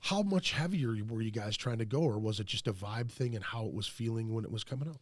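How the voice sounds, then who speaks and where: A man's voice: lowish voice, lively intonation, fast. A man from the United States hosting a podcast, asking questions in a rambling way, full of fillers. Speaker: podcast host. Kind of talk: casual podcast interview.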